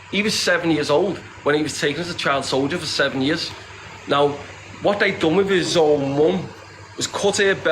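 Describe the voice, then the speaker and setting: A northern English man speaking in a blunt, impassioned interview, his voice sitting a little high for a man. He swears freely, keeps calling the listener "lad", and hammers the same points home again and again. A faint hiss of room noise sits under his voice. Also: a bit bright, low-quality recording. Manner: emphatic, repeats himself. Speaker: interviewee, charity campaigner. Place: secure compound, indoors.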